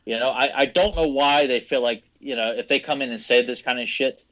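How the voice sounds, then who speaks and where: A man's voice: mid-range voice, brisk, hardly any pauses, fairly bright tone. Crude sarcastic man venting. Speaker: podcast co-host. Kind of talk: ranting casual chat. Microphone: video call.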